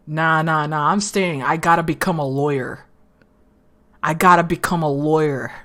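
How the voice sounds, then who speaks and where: A woman streaming a game, reacting loudly with laughter, swearing and excited outbursts. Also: low-pitched, normal speed, slight background noise. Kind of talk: casual gaming commentary.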